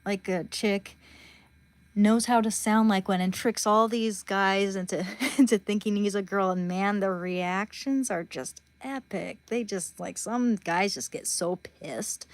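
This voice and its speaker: A woman's voice: mid-range voice, unhurried, no echo. A woman hosting a livestream, chatting casually and bluntly with her viewers. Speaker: livestream host.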